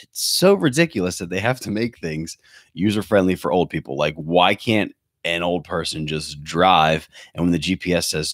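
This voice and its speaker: This podcast host, a man in his thirties, rants sarcastically with lots of swearing for comedic effect, recording on a webcam setup in his bedroom. He speaks at a moderate pace in a low voice, with clean studio sound and no room sound at all.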